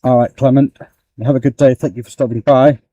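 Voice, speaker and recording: A man chats loosely through a live stream from his workshop, breaking off to thank viewers with deep, sighing gratitude. His voice sits at an ordinary middle pitch, neither high nor low. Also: fairly even intonation, a little fast, warm tone, dry recording. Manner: effusively grateful, sighing often. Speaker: woodturning livestream host. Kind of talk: casual live workshop chat. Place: home workshop.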